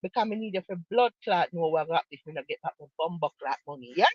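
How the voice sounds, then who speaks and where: A woman's voice: low voice, animated, quick pace, breathy edge, no echo, dull audio. A woman with a Jamaican accent giving casual commentary, emphatic and mocking, repeating her points for effect. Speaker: online commentator.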